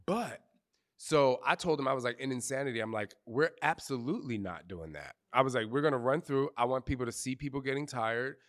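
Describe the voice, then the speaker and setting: A man answering questions in front of a group, telling candid stories in animated, slangy speech with cursing and acted-out quotes. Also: medium pitch, a little fast. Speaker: fitness trainer interviewee. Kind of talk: candid storytelling Q&A before a live group. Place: outdoor retreat gathering.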